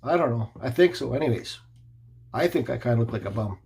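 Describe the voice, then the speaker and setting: Husky-voiced man telling a rambling story. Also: mid-range voice, lively intonation, a little fast, a little mellow. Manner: rambling, restarts and asides. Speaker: woodcarver. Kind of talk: casual storytelling vlog.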